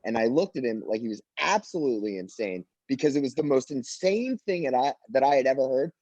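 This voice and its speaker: A man's voice: mid-range voice, lively intonation, a little fast, darkish tone. A man on a casual video call, rambling and self-mocking, stammering through restarts. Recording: dull lo-fi video call audio.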